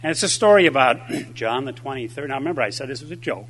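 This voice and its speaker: A man's voice: medium pitch, fast talker, slight background noise. An older man giving a conference speech, telling anecdotes and a joke. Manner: storytelling, lively delivery. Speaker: conference speaker.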